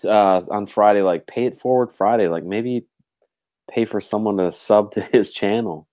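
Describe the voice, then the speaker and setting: A man's voice: lowish voice, moderate pace, dark tone. A man hosting a casual podcast over a video call, easygoing and curious, often calling his co-host "dude".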